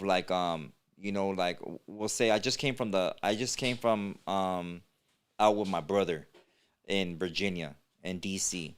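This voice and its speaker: A podcast host from East Los Angeles with a low, smooth voice chats casually through stories, rambling with plenty of fillers, restarts, and slang.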